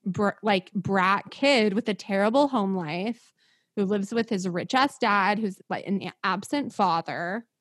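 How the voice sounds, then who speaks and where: A young woman chats casually about a movie, laughing often and adding a sarcastic edge along with plenty of fillers. Her voice is medium-pitched and her pace is measured.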